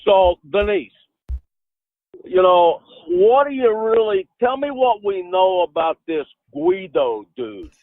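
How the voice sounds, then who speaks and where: A man's voice: sits high, animated, slow, dry recording. A man putting on a brash New Jersey Italian tough-guy accent, heard over a tinny phone line. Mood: joking. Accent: New Jersey Italian (put on).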